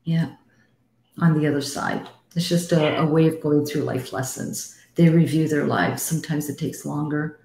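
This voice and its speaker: A low-voiced, middle-aged woman hosts a live psychic call-in show and speaks to callers bluntly and warmly, swearing without a second thought. Her voice carries a roomy echo. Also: steady tone, moderate pace, creaky. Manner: blunt and frank, swears, calls callers sweetie. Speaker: psychic medium host.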